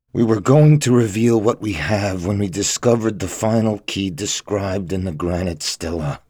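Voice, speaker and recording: A man's voice: deep voice, slightly rough, dry recording, clean studio sound. A man doing a frantic captive scholar. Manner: strained, pleading, raised voice. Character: panicked bound male scholar, desperate.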